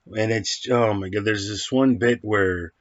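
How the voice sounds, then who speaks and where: A man with a fairly low voice gives a loose, scattered film review, stumbling through fillers and restarts. The sound is dry and a bit muffled. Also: steady tone, measured pace, no room sound. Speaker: movie reviewer. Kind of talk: casual rambling film review.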